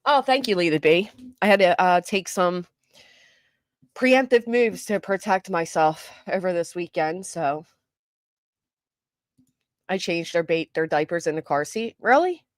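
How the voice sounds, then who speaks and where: A middle-aged woman hosting a live stream, chatting casually with viewers, greeting them by name, and talking fast and loud. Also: fairly low pitch, no echo, studio quality. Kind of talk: casual live chat, reading comments.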